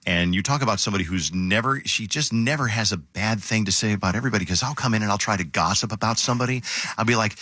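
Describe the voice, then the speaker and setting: Bright-voiced teasing radio host man. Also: lowish voice, quick pace, no echo, clean studio sound. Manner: jokey, teasing, self-mocking. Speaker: radio morning show host. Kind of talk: casual on-air banter. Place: radio studio. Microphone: studio microphone.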